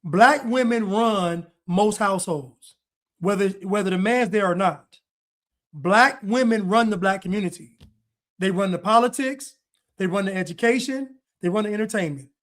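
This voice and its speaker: A man's voice: high voice, moderate pace. A man giving reaction commentary in a blunt, preachy way, repeating his points. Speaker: online commentator.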